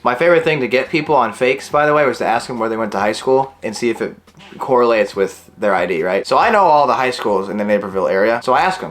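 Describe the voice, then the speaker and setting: A man's voice: medium pitch, brisk. A young man in his twenties from Illinois, telling a story in a casual vlog and acting out the dialogue. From Illinois, USA. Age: 20s. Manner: animated, acts out the dialogue.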